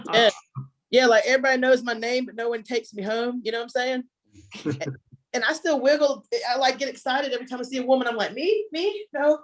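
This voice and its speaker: A woman's voice: a little high, steady tone, a little fast. A woman doing a stand-up comedy set at home, chatty and self-mocking, laughing at her own jokes. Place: home, virtual show.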